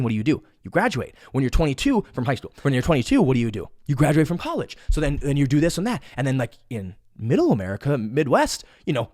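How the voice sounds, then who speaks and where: A man's voice: mid-range voice, no echo, clean studio sound. A young man hosting a casual solo podcast, rambling with lots of swearing, repeated words and restarts. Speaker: podcast host. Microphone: studio mic.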